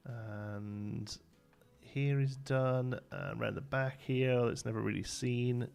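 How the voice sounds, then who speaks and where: A man's voice: medium pitch, fairly even intonation, slow pace, gravelly, a little mellow, soft background music. A young man chatting casually and rambling as he plays and builds on a live stream, laughing often and answering chat.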